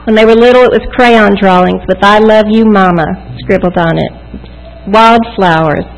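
A woman's voice: mid-range voice, normal speed, gravelly. A woman in her forties, a mother giving a devotional talk at church, telling family stories and reading scripture. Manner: warm storytelling with scripture readings. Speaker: church speaker. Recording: echoey hall.

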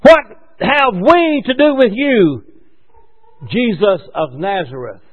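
A man's voice: sits high, lively intonation, slow pace, breathy edge, full character voice. A man voicing a frightened, defiant male evil spirit that cries out in alarm. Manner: crying out in alarm. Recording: dull lo-fi recording.

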